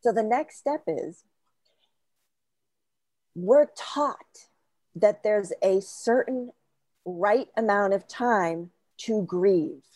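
A woman talking as a podcast guest in an animated way, laughing often as she tells stories. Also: mid-range voice, extremely slow, pauses often, no room sound, studio quality. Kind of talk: casual podcast conversation. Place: Florida.

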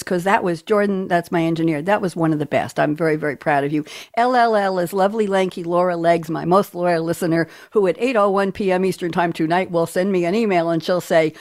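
Chatty playful New York woman radio host. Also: fairly low pitch. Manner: playful, rambling, jokey asides. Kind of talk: chatty talk show opening.

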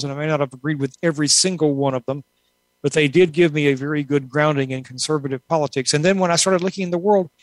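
A woman's voice: low voice, dry recording, low-quality recording. Woman guest in an interview, rambles thoughtfully, dry and close. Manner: thoughtful, rambling, with many asides. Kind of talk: casual conversational interview.

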